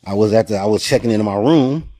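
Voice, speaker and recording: A man's voice: on the low side, quick pace, warm tone, dry recording, studio quality. A man guest telling a story in a casual, slangy way, often checking in with the listener.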